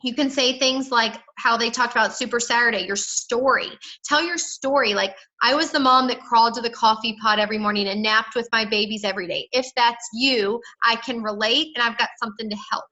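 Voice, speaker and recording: A woman's voice: fairly high pitch, fairly even intonation, a little fast, hardly any pauses, bright, forceful tone, low-quality recording. A woman coaching her sales team on a call, chatty and emphatic, often acting out what she would say to people. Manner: chatty, emphatic, acts out dialogue. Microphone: phone or call audio.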